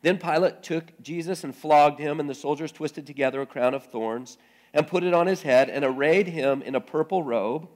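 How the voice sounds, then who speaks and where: A man pastor reading scripture aloud, then preaching in a halting way, often repeating words as he thinks aloud. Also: fairly high pitch, darkish tone.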